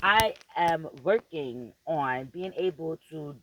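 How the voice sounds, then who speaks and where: A woman's voice: low-pitched, expressive, slow pace, a little hiss or hum, rough recording. A woman vlogger giving a profane, emphatic and preachy motivational rant straight to her viewers, repeating phrases for emphasis.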